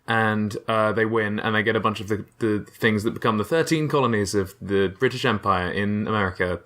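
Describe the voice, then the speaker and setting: Young male host, sharp bright tone, deadpan sarcastic history recap with lots of ums. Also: fairly low pitch. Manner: rambling, sarcastic, many fillers and restarts. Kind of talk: casual comedic history explainer.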